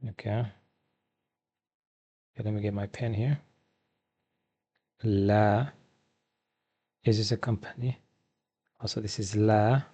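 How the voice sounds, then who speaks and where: A man's voice: on the low side, little pitch movement, dark tone, slightly rough. Man teaching vocabulary off slides. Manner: repeats each word slowly, asks and answers himself. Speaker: Arabic teacher. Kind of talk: classroom vocabulary lesson.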